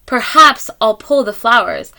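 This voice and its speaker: A woman's voice: a little high, expressive, unhurried, pushed and bright, exaggerated voice. A woman voicing a sad, lonely young male monster in a storybook, speaking in a tearful, pleading sing-song rhyme. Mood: wistful.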